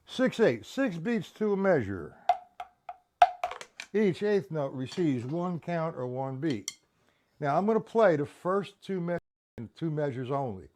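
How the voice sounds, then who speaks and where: A man's voice: a little high, background noise. A man teaching a live-streamed drum lesson, counting beats aloud and checking in with viewers.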